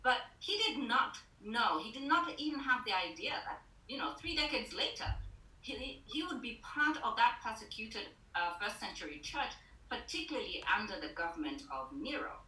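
An earnest woman Bible teacher preaches over a video call, putting direct questions to her listeners. Her voice is bright and a little high. The sound is roomy and caught from some distance from the mic. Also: animated, moderate pace. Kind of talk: online sermon.

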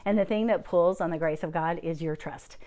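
A woman's voice: lowish voice, fairly quick. A middle-aged woman giving a testimony into a handheld microphone, telling her story with laughter and acting out the voices of the people in it, then leading a prayer. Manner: lively, laughing, acts out quoted voices. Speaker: guest speaker giving a testimony.

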